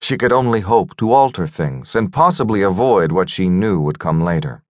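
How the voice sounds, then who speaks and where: Deep-voiced man narrating a fantasy audiobook. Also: expressive, moderate pace, a little mellow, dry recording, clean studio sound. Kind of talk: scripted narration.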